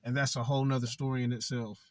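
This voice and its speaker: A man's voice: medium pitch, level tone, fast talker, no echo. A young man vlogging, telling a candid personal story in a blunt, profane, conversational way.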